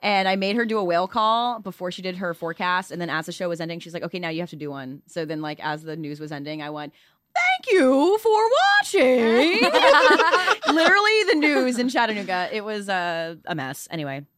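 A woman's voice: on the low side, expressive, fairly quick, sharp tone, no room sound, clean studio sound. A woman co-hosting a podcast, a former news anchor, reacting and telling stories in casual chat. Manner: reactive, storytelling.

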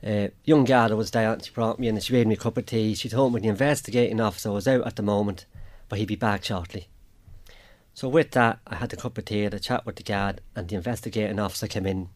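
A man's voice: fairly low pitch, fairly even intonation, fast, darkish tone. An Irish man giving a plain spoken account as an interview guest, acting out what others said to him. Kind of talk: personal account in a radio interview.

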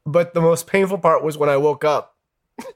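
Open, reflective middle-pitched voice. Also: moderate pace. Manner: open, reflective, laughs through painful memories. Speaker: interviewee. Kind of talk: emotional personal recollection.

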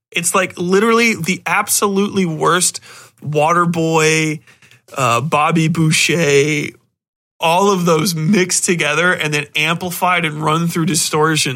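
A male podcast host in loose, casual chat, ranting and cursing freely. His voice sits a bit high and has a bright, forceful edge. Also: a little slow. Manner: profane, ranting, exasperated.

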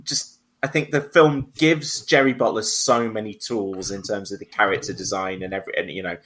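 Male host, lowish voice, casual film chat, halting delivery. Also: fairly even intonation, a bit bright. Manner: hesitant, many restarts. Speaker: podcast host.

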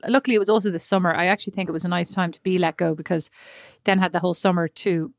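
A woman in her thirties telling lively personal anecdotes in a casual chat, laughing often. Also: fairly low pitch, very fast, vocal fry, dry recording, studio quality. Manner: animated anecdotes, laughing often, acting out quotes.

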